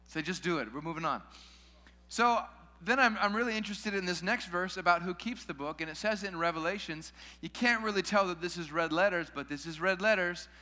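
Speaking to his congregation, a man delivers a relaxed, chatty sermon peppered with jokes aimed at the crowd. His somewhat high voice carries a bright, forceful edge, ringing through a large church hall with long reverb.

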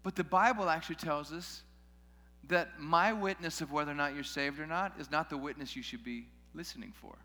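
A man's voice: on the high side, brisk, pushed and bright. A man preaching a sermon in a casual way, with joking asides to his listeners. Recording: long hall reverb.

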